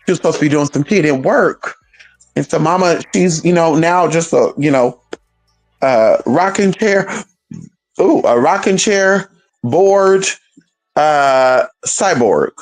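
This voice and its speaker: A man's voice: a little high, animated, a little slow. A man hosting his channel, ranting in a sassy, profane, swooping and emphatic way. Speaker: channel host. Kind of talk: casual rant to camera.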